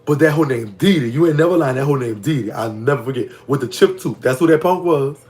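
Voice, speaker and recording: Male vlogger, Louisiana Southern accent, average pitch, chatty gossipy storytime delivery with sudden high reactions. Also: fast, slight background noise. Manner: gossipy and animated, voice jumping high when reacting to comments. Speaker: vlogger telling prison stories. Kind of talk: casual storytime monologue.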